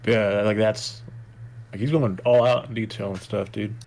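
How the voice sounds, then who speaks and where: A man chatting casually on a stream, relaxed and laughing, his talk full of fillers. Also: on the low side, normal speed, gravelly. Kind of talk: casual chat.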